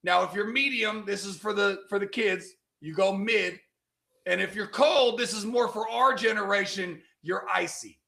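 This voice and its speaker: A middle-aged man from California hosting a casual sports podcast, loud and emphatic, arguing his points. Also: high-pitched, moderate pace, gravelly. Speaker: podcast host.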